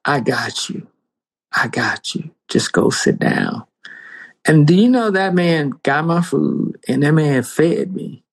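A man giving a spoken faith testimony, emphatic, with big pitch swings and dramatic pauses. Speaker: guest sharing testimony.

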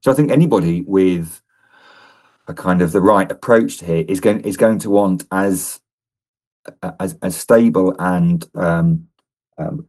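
A man as a guest on a radio interview, answering in a thoughtful, measured way with lively emphasis. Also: low-pitched. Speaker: think-tank fellow, guest.

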